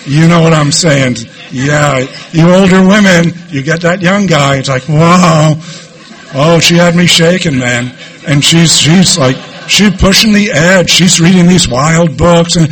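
A middle-aged man telling his own recovery story to a group, candid and lively, with asides to the listeners. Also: a little high, a little slow, slight background noise. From New York. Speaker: recovery speaker. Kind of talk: personal recovery talk to a group.

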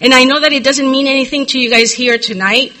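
A middle-aged woman giving a personal recovery testimony from a podium microphone, telling her story candidly and filling pauses with "you know.". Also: sits high, fairly even intonation, bright, forceful tone, rough recording. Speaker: recovery meeting speaker.

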